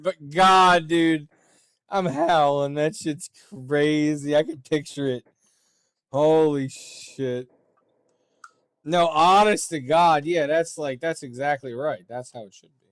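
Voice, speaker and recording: A young man giving casual, profane commentary while playing a game, laid-back and breaking into loud laughter. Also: a little high, slow pace, no echo, clean studio sound. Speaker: streamer.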